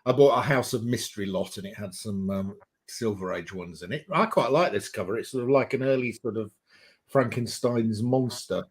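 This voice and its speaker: A man's voice: fairly low pitch, normal speed, breathy edge. A man talking casually in a group video chat, describing collectibles as he shows them and laughing easily. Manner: chatty, describes items he shows. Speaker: guest on a video chat show.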